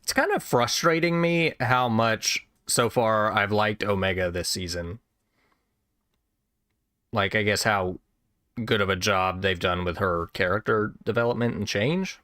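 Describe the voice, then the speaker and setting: A man's voice: fairly low pitch, measured pace, no room sound. A young man hosting a watch party, chatting casually and laughing often on a video call. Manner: laughs often, animated and rambling. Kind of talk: casual chat while watching a show. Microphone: webcam on a video call.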